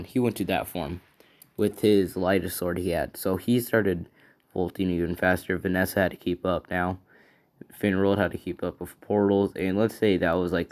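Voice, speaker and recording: A man's voice: sits low, darkish tone. A man improvising a fan story in a casual, rambling way, thinking aloud and correcting himself as he goes.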